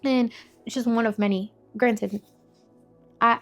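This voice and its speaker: A woman's voice: medium pitch, steady tone, normal speed, vocal fry, a bit bright, faint music behind. A young woman telling her faith testimony in a candid, conversational way, blunt and full of filler words.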